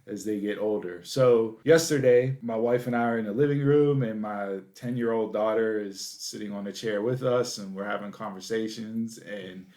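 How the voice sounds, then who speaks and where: Podcast co-host, man in his thirties, animated storyteller with casual talk. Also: on the low side, normal speed, hardly any pauses. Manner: animated storytelling, rising excitedly at punchlines.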